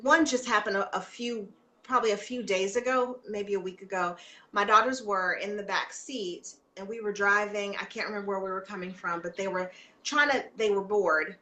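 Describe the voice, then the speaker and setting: A woman's voice: medium pitch, fairly even intonation, normal speed, sharp tone, reverberant. A woman guest chatting in an interview, telling stories with lots of fillers and restarts. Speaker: guest, homeschooling mother. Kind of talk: casual interview chat.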